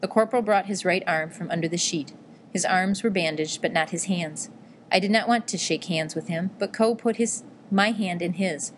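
Low-voiced woman reading a story gently. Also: normal speed, a little hiss or hum. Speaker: audiobook narrator. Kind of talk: scripted narration of a memoir-style novel.

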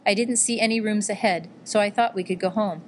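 A woman narrating a memoir-style novel in a measured, gentle storytelling manner. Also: mid-range voice, a little hiss or hum. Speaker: audiobook narrator.

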